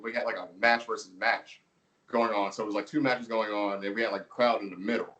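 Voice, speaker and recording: Laid-back wrestler telling stories, slightly distant. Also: male voice, lowish voice, steady tone, quick pace, fairly bright tone, highs cut off. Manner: laid-back storytelling, laughs often, filler words. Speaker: pro wrestler guest. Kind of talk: casual interview chat.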